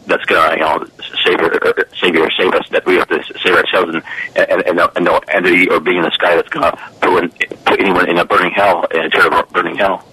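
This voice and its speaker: A man calling in to a talk radio show, hesitant and halting, stumbling and restarting often. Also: low-pitched, little pitch movement, pushed and bright, husky, poor audio. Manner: hesitant, many restarts and fillers. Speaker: caller.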